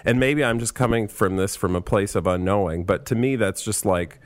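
A man's voice: on the low side, fairly quick, dry recording. A man in a podcast discussion, skeptical and hedging as he pushes back.

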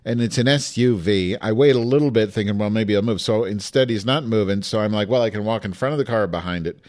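A man co-hosting a casual chat, telling a story with big animated delivery. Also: on the low side, fast. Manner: animated, breaks into loud shouting when acting out quotes.

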